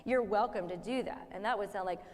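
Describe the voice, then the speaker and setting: During rehearsal in a rehearsal hall, a woman choir director counts in and gives her singers friendly directions. Her voice is medium in pitch and a little fast, with long hall reverb in the recording.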